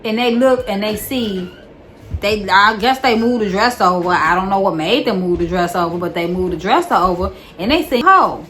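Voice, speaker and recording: A young woman tells a wild story from her own life in a loose, animated vlog voice. She swears freely and circles back on her words, repeating lines to hammer them home. A faint hum of room noise sits under her voice. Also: medium pitch, moderate pace. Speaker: vlogger. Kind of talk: casual storytime.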